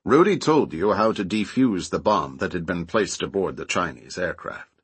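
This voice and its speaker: Low, husky male audiobook narrator. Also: animated, moderate pace, dry recording. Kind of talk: scripted narration.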